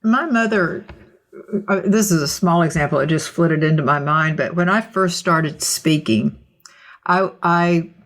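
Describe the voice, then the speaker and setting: A woman co-hosting a discussion podcast, telling a personal story in a thoughtful, measured way. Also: fairly low pitch. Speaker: podcast co-host. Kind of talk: casual discussion.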